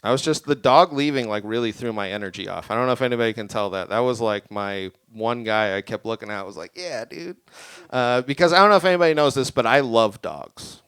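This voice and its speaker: A young man doing a stand-up set in a small venue, rambling and deadpan, a bit tipsy. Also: medium pitch, fast talker, few pauses, clean tone, dry recording. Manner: deadpan, rambling, self-deprecating. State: tipsy from drinking. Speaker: stand-up comic. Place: small creative community venue with live audience.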